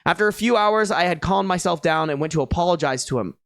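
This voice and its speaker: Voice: mid-range voice, quick pace, few pauses, fairly bright tone, dry recording, studio quality. A streamer reading online posts aloud in a casual, slangy way, breaking off for exasperated, disbelieving reactions. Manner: exasperated, incredulous reactions between read passages; slangy and casual, calls listeners bro and dude.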